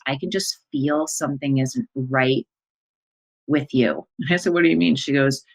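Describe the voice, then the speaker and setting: A woman with a low, deep speaking voice tells her own story as a podcast monologue. She speaks in an emotional, breathless way, acting out her own and her family's words as she goes. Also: fairly bright tone, low-quality recording. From American Midwest. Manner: emotional, breathless retelling with quoted dialogue. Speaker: life coach and podcast host.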